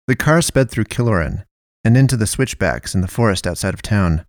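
Low-voiced man narrating a dark story. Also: no echo, clean studio sound. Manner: steady, measured storytelling with voiced dialogue. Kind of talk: audiobook-style story narration.

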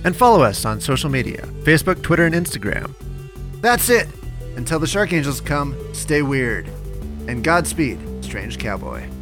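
A man's voice: on the high side, sing-song, normal speed, music in the background. A man hosting a comedy podcast, reading a wry, mock-solemn outro. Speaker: podcast host.

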